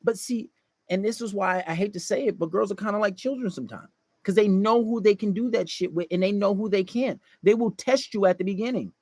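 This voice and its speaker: A man's voice: sits high, brisk, darkish tone, dry recording. A man giving dating advice in a casual livestream monologue, blunt and profane, lecturing and acting out quoted voices.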